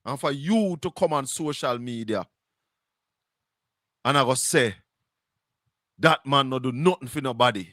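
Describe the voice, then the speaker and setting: A man's voice: mid-range voice, animated, unhurried, long pauses, bright, forceful tone, no echo, clean studio sound. A man with a Jamaican accent hosting a livestream, delivering a preachy, emphatic monologue with scripture quotes. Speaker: show host.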